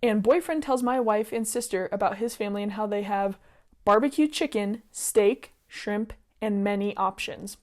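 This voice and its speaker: A young woman reads online stories aloud in a casual, chatty way. She mixes the reading with her own opinionated asides, scattered with "like" and "um". She sounds expressive and drifts off topic easily. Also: mid-range voice, normal speed.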